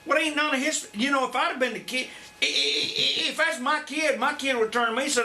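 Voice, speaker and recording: With an extremely high voice and a brisk pace that leaves few pauses, a drawling former wrestler in his fifties delivers animated, blunt and profane stories as a guest in a shoot interview. There's faint background noise in the recording.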